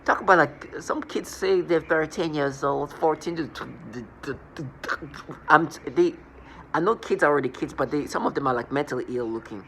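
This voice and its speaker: Guy ranting on his vlog, kinda high voice, keeps tripping over words, a little background hiss. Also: normal speed, a bit bright. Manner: agitated, scornful, repeats and restarts words. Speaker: vlogger. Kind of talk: rambling personal monologue.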